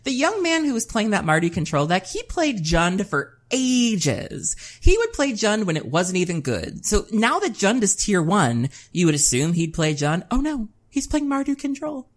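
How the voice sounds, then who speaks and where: A woman's voice: normal speed, hardly any pauses. A woman co-hosting a casual podcast, telling stories with big exasperated swings in her voice. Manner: animated storyteller, big pitch jumps when exasperated. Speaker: podcast co-host.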